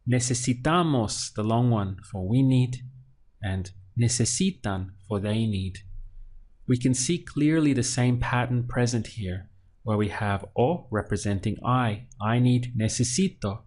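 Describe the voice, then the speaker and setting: A man teaching a Spanish lesson. He asks the listener a question, pauses, then gives the answer. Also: medium pitch, a little mellow. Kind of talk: slow, patient language lesson with drills.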